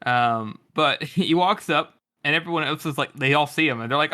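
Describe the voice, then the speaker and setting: A man's voice: fairly high pitch, moderate pace, pushed and bright. A man co-hosting a book podcast, retelling a scene casually and laughing often. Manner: giggly, laughs through retelling. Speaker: podcast co-host.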